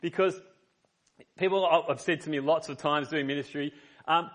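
A man's voice: on the high side, moderate pace, pauses often, fairly bright tone. A man preaching a sermon as a pastor, reading scripture and telling personal stories in an earnest, conversational way.

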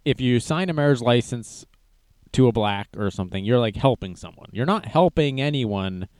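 A man's voice: mid-range voice, lively intonation, moderate pace, a little mellow, clear, resonant tone, dry recording. Sarcastic man rambling through a video. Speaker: commentator reacting to a video. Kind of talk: casual reaction commentary.

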